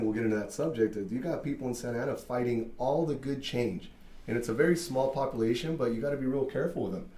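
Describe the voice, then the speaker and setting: A man who owns a barbershop telling a story in casual chat, animated, full of fillers and swearing. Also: medium pitch, reverberant. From Mexican-American from Southern California. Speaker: barbershop owner.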